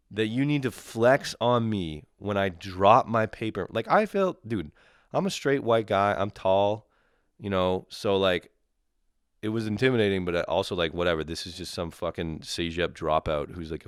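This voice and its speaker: A man's voice: fairly low pitch, moderate pace, clear, resonant tone, no room sound, studio quality. A young man from Canada ranting casually and profanely, exasperated and mocking the people he describes. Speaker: comedian ranting solo. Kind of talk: casual comedic rant.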